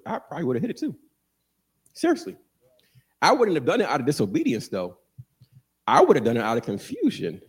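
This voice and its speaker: A man preaching a sermon, animated and joking, asking the congregation questions and answering them. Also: fairly high pitch, breathy edge. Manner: animated, call-and-response, jokes with congregation.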